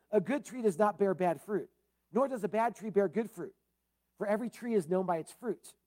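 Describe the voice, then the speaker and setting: Plain-spoken male preacher teaching scripture. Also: high voice. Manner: relaxed, plain-spoken, with frequent asides. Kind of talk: conversational Bible-teaching sermon.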